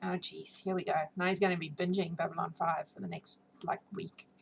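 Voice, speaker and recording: A woman reading a classic novel aloud, then slipping into relaxed, chatty talk with her listeners. Her voice sounds sore and slightly scratchy from a long read, with faint noise in the background. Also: fairly low pitch, fairly quick, gravelly. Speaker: audiobook reader and streamer.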